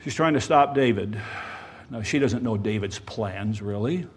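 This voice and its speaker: A male preacher giving a sermon, swinging between loud emphasis and quiet asides and speaking directly to the congregation. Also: lowish voice, unhurried, husky.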